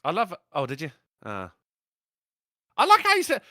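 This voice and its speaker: Lively bright-voiced man. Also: a little high, a little slow, no room sound, studio quality. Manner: rambling, animated, jokey storytelling. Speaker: livestream podcast host. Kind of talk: casual crude chat.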